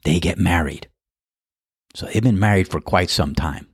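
A man's voice: sits low, normal speed, slightly rough, no echo, studio quality. A man hosting a podcast, telling a casual story in a wry, self-deprecating, conversational way. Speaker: podcast host and golf starter.

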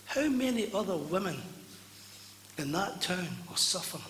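A man preaching a sermon to a congregation, swinging from loud fervent cries to hushed near-whispers. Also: high voice, big pitch swings, normal speed, pauses often, a little hiss or hum. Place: church hall. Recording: echoey hall with long reverb.

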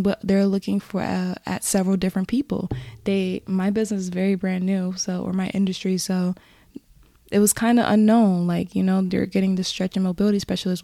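A woman hosting a casual motivational podcast speaks earnestly and encouragingly to listeners, her warm, mellow, mid-range voice carrying a creaky quality. She tends to drift into rambling asides, and the sound is close and dry with no room echo.

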